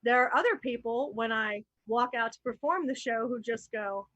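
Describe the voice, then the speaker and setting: A woman from New Jersey talks animatedly and candidly on a live panel show, thinking aloud as she goes. Her voice is bright and dry, and the video call audio is muffled. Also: fairly high pitch, normal speed, hardly any pauses, dry recording. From New Jersey, USA. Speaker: actor and improv performer.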